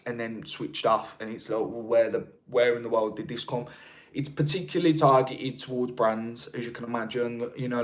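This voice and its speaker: Male streamer, Birmingham accent, casual and chatty, mid-pitched voice. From England. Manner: chatty, rambling, with frequent restarts. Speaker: livestream host. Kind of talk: casual live-stream chat reading comments.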